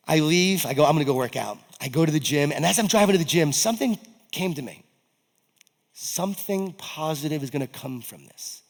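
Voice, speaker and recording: A man's voice: a little high, gravelly. A man giving a motivational keynote talk to an audience, telling a personal story and acting out his own lines with animation. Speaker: keynote speaker. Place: event hall stage. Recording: long reverb of a large event hall.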